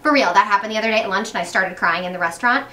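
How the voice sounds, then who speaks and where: A woman's voice: medium pitch, rapid-fire, bright, forceful tone, roomy sound, distant mic. A young pregnant woman chatting casually while doing her makeup, upbeat, with lots of fillers and restarts. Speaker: beauty vlogger.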